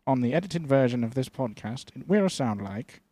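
A man's voice: medium pitch, animated, moderate pace, dark tone. Man, Australian accent, young, podcast co-host, loose crude banter, mid-range voice. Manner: slips into a mock British accent, lots of laughing. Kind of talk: crude improvised comedy banter.

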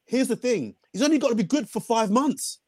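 A man's voice: very high voice, a little fast, no echo. A man, talking passionately as a panelist on a football fan podcast. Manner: passionate, emphatic, animated. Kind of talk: casual chat.

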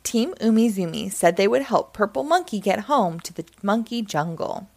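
A woman storyteller reading a children's book aloud in a gentle, expressive way on a close microphone. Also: medium pitch, moderate pace, vocal fry, no room sound.

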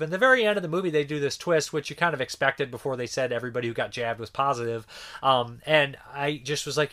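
A man in his thirties talks through a film review with a bright, forceful voice. He rambles loosely and swears often, leaning on lots of filler words. It sounds like an offhand, unscripted monologue. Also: on the high side, lively intonation, fast talker. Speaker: movie reviewer.

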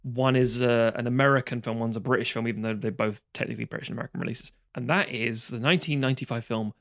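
A man's voice: mid-range voice, fairly even intonation, fast, creaky, fairly bright tone, no room sound, clean studio sound. A man, co-hosting a podcast, rambling and restarting often and swearing casually. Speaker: podcast co-host. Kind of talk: casual film discussion.

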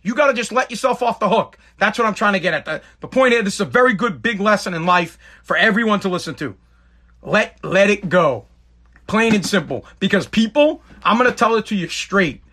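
Middle-aged New man, high bright voice, blunt emphatic podcast host talking straight at listeners. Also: expressive, quick pace, hardly any pauses. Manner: blunt, emphatic, repeats himself. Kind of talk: casual monologue.

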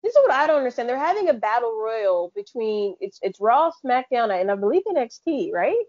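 A woman's voice: on the high side, very animated, brisk, darkish tone, no room sound. A woman co-hosting a podcast in casual chat, rambling and often restarting her sentences. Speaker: podcast co-host. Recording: dull, dry, lo-fi podcast audio.

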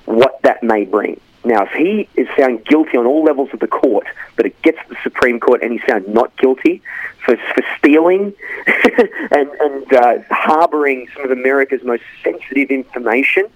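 A man's voice: mid-range voice, no echo, muffled recording. Chatty Australian man on a dry line. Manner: chatty, rambling with restarts. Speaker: guest correspondent. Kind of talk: radio interview. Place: Los Angeles.

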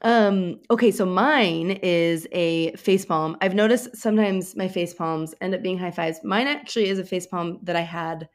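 A woman in her thirties co-hosts a podcast, chatting casually in a giggly, rambling way. Her voice is fairly low-pitched, and she talks at normal speed with few pauses.

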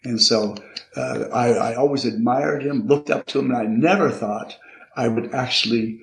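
An older man as an interview guest, speaking in a halting, reflective way and often repeating words. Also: medium pitch. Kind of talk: conversational interview. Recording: roomy echo.

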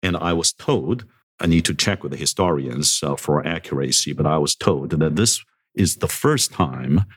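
A man's voice: extremely low pitch, animated, normal speed, slightly rough. A middle-aged man, a university president, talking in a podcast interview, good-humored and self-deprecating, with chuckles between remarks. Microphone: podcast microphone.

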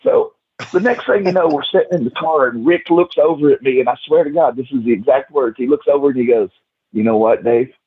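Husky man telling wild stories, tinny line. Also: fairly high pitch, quick pace. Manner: animated, swears freely, acts out quotes. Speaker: guest. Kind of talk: casual storytelling. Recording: tinny call-line audio.

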